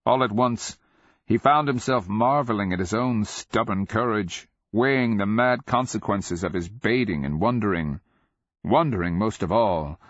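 A man narrating a dark fantasy story in a measured, deliberate way. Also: on the low side, dry recording. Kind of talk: dramatic fantasy audiobook narration. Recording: dull lo-fi dry recording.

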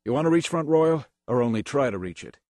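A man's voice: mid-range voice, lively intonation, quick pace, a little mellow, no echo, voice pushed up, close to an everyday voice. A man voicing a hard, terse one-eyed convoy guard in an audiobook, with clipped, curt lines. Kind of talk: audiobook character voice.

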